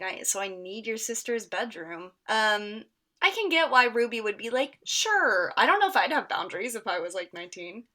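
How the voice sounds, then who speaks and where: A woman's voice: mid-range voice, pushed and bright. A young woman co-hosting a podcast, recapping a book in casual chat with dry, crude wisecracks. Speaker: podcast co-host.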